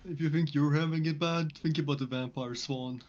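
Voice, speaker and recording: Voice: mid-range voice, steady tone, moderate pace, a little mellow, lo-fi sound, soft background music. A person playing a tabletop game, giggly and self-mocking. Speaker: player. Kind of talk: casual tabletop game chat.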